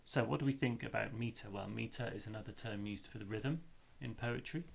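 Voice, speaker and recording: A man's voice: on the low side, brisk, gravelly. A male teacher explaining a lesson step by step, chanting rhythms aloud to show the beat.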